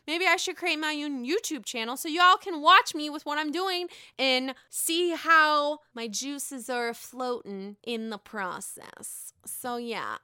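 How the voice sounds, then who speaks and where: A woman's voice: fairly high pitch, sharp tone, clear, resonant tone, no echo, clean studio sound. A woman hosting her own podcast alone, recapping in a gossipy, playful and profane way. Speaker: podcast host. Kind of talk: casual solo podcast recap.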